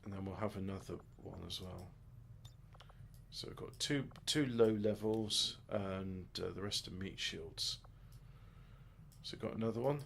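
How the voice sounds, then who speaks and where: A man's voice: low voice, unhurried, gravelly, fairly bright tone, slight background noise. A man giving rambling, joking let's-play commentary, muttering asides and mocking himself as he sets up his game. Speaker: gaming video host.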